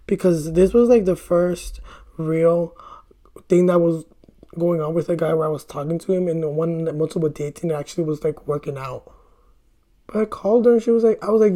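A man's voice: high voice, dark tone. A young man vlogging casually, telling a rambling dating story while doing his makeup, peppered with swearing and "bro". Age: young adult.

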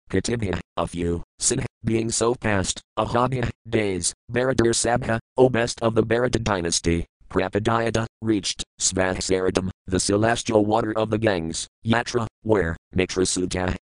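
Man, steady scripture recitation, verses and commentary, dry close sound, mid-pitched voice. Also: dry recording, poor audio. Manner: steady recitation, slower when reading word meanings. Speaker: scripture reader.

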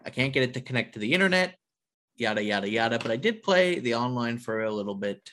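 A man's voice: medium pitch, animated, fast, a bit bright, slight background noise. A man chatting casually as a podcast co-host. He rambles through his points, stops and restarts his sentences, and leans on fillers as he goes. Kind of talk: casual chat.

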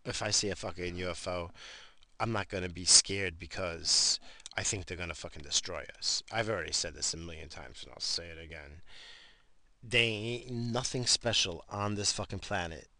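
A man's voice: low-pitched, normal speed, sharp tone, dry recording. A man talking in a casual, rambling monologue, swearing freely and laughing at his own asides.

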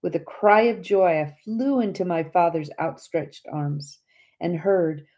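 A woman narrating an audiobook in a slow, measured reading. Her voice sits low, with a soft, mellow tone. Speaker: audiobook reader.

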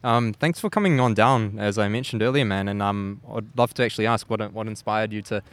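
A man's voice: on the low side, fairly quick, no echo. A man with a New Zealand accent hosting a casual interview, full of enthusiastic "wow" and "beautiful" reactions. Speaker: podcast host.

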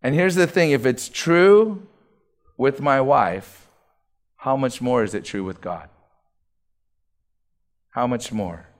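A man's voice: mid-range voice, takes it slowly, pauses often. A middle-aged man preaching a sermon as pastor, earnest, building emphasis through repeated phrases.

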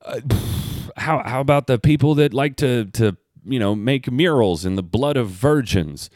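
A man's voice: medium pitch, animated, measured pace, a little mellow, a little hiss or hum. A man hosting his own podcast, talking alone in sarcastic, rambling rants with some swearing. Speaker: podcast host. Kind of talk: casual solo commentary.

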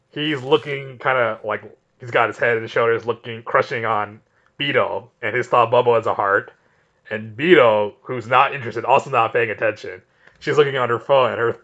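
A man's voice: mid-range voice, normal speed, vocal fry, fairly bright tone, muffled recording. A man co-hosting a comics podcast, chatting casually and enthusiastically, often restarting his sentences. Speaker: podcast co-host. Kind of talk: casual chat.

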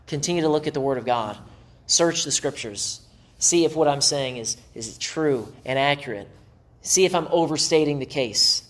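A middle-aged man preaching a sermon as pastor, in a conversational, animated way with acted asides. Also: mid-range voice.

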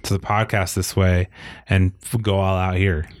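A man's voice: deep voice, little pitch movement, moderate pace. A man co-hosting a casual gaming podcast, laid-back and joking, swearing casually. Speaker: podcast co-host.

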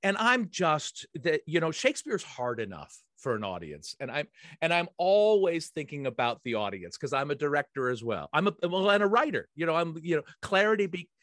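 A man in casual podcast talk, emphatic and wry, stumbling through restarts and fillers as he works out his point. His voice sits a little on the high side for a man. The sound is close and dry, with no room around it. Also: very animated, fairly quick, a bit bright, no echo. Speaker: guest, theatre director and writer.

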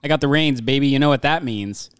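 A man's voice: medium pitch, fast talker, smooth, no echo, clean studio sound. Upbeat man hosting a podcast. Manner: upbeat, joking. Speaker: podcast host. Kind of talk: casual chat.

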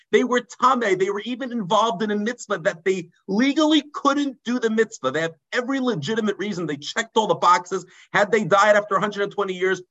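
Rabbi guy telling a story in a sermon, goes quiet and low for effect, voice all over the place. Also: rough recording. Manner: dramatic storyteller, drops low and quiet for emphasis. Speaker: rabbi teaching a mussar class.

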